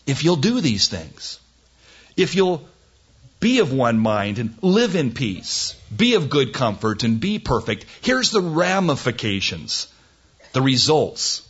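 A man's voice: mid-range voice, a bit bright, husky, highs cut off. A man teaching through a Bible passage in a sermon, earnest and folksy, rising to emphatic, incredulous questions. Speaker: pastor.

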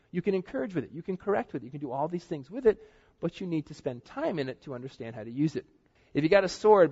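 A middle-aged male pastor gives an earnest, chatty sermon in a church, his slightly high voice carrying a husky edge. The recording is dull and lo-fi. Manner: conversational, earnest preaching with asides.

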